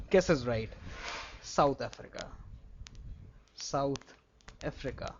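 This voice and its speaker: A young man with an Indian English accent teaching geography to a class in a classroom. He asks playful questions and mixes Hindi with English. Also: fairly high pitch. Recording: dull lo-fi classroom recording.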